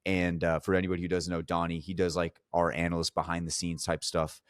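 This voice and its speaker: A man co-hosting a podcast, giving casual, measured esports analysis. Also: sits low, monotone, dry recording, clean studio sound. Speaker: podcast co-host.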